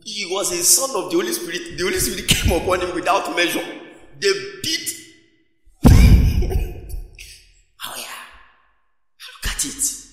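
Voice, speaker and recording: High, bright-voiced pastor preaching in an echoey hall. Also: male voice, measured pace, long pauses. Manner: call-and-response preaching, animated, laughing. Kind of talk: sermon. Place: church auditorium.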